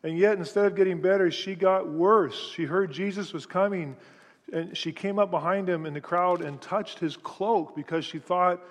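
A man delivers a sermon in a church sanctuary, retelling scripture with lively, animated storytelling and frequent restarts. His voice sits a little high for a man. A long hall reverb trails his words. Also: normal speed. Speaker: preacher.

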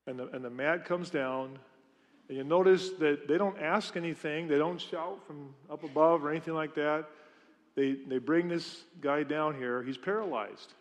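A man's voice: a little high, moderate pace, big-room sound. A man preaching a sermon in a church, telling stories in a conversational way and asking the congregation questions. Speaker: pastor. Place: church sanctuary.

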